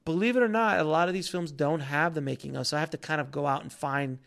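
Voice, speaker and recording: A man hosting a casual podcast, an animated storyteller who swears freely. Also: on the high side, fast talker, gravelly.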